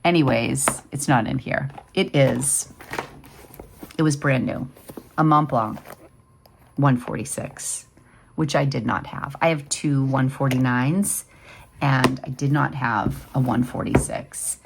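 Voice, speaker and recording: Gravelly deep-voiced woman in her fifties. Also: fairly even intonation, unhurried, noisy background. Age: 50s. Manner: chatty, rambling, full of fillers. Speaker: vlog host. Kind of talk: casual chat.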